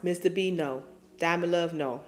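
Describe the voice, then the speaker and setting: A woman's voice: lowish voice, normal speed, darkish tone. A woman in her forties hosting a casual live stream, reading viewer comments and answering them in a playful, teasing and profane way. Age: 40s.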